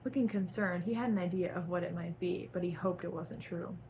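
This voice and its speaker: A woman's voice: on the low side, brisk, highs cut off, noisy background. Young woman melodramatically reading fan fiction. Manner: melodramatic, breaks off to laugh and cringe at her own writing. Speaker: YouTuber reading her own fan fiction. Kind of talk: dramatic reading with asides.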